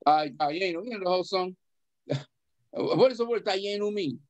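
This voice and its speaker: A man's voice: high-pitched, expressive, moderate pace, darkish tone, low-quality recording. A man teaching an adult class, explaining a text, putting questions to the class and chuckling as he goes, often repeating words. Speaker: rabbi teaching adult education. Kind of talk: adult education class on the Passover Haggadah.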